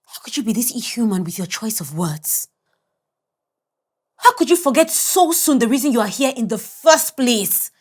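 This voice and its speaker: A woman's voice: a little high, big pitch swings, normal speed, husky. An actress playing a firm woman counselor at a rehab center who scolds and questions a troubled girl in a film drama. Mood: stern.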